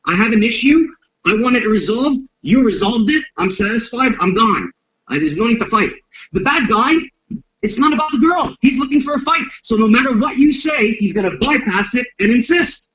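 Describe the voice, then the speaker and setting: A man's voice: extremely high pitch, animated, moderate pace, fairly bright tone, slight background noise. A man speaking as a self-defense instructor in an interview, blunt and profane, acting out street confrontations as he explains violence. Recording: dull lo-fi audio.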